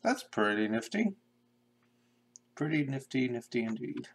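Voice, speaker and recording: A young man casually talking to himself in a flat monotone while drawing pixel art on a live stream. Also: medium pitch, unhurried. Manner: mumbling to himself, self-described monotone. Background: keyboard typing and clicking.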